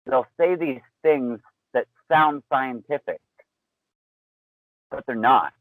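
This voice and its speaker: A man talking as a podcast guest, explaining his points in a measured way with some dry wit. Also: mid-range voice, fairly bright tone, rough recording. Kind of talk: casual podcast chat.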